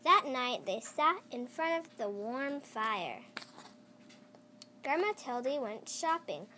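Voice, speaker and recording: A child reading a picture book aloud, slowly and with small stumbles and restarts. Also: high voice, very animated, sharp tone, slight background noise. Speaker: storyteller.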